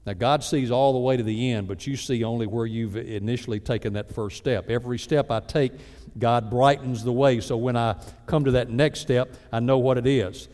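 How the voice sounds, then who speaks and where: A man preaching a sermon as a pastor, lively and acting out mock prayers in other voices. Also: medium pitch, normal speed. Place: church sanctuary. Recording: reverberant church sanctuary.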